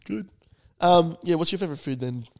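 A man's voice: fairly high pitch, brisk, vocal fry, a little mellow. An Australian man co-hosting a podcast in casual chat, laughing often and swearing freely as he riffs. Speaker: podcast co-host.

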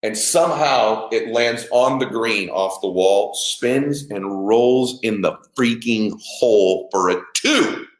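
A man's voice: on the low side, slow, hardly any pauses. Emphatic middle-aged man storytelling, echoey. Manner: emphatic, swears, acts out dialogue, bursts into shouts. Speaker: father telling a story. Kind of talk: animated personal storytelling. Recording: echoey room.

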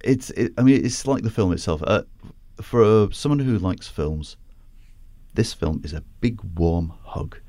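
A man's voice: on the low side, animated, a little slow, mellow, dry recording. A man hosting a film review podcast, chatting casually and laughing often as he talks. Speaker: podcast host.

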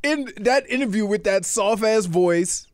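A man's voice: high voice, a little slow, darkish tone, no room sound, studio quality. A man co-hosting a radio sports show, reading listener texts and teasing with frequent laughs.

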